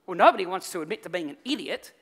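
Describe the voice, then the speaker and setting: A male pastor preaching a sermon, telling stories with lively acted-out voices. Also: high voice, very fast, breathy edge. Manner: animated storytelling, acts out voices in the story. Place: church hall. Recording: reverberant church hall.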